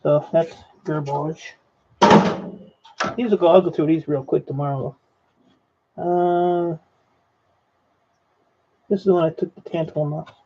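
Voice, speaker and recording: An e-waste scrapper vlogger with a high, steady voice narrates casually while sorting circuit boards, unhurried and with long pauses. He comes across rambling, offhand, and blunt. The recording is lo-fi and dull, with faint noise.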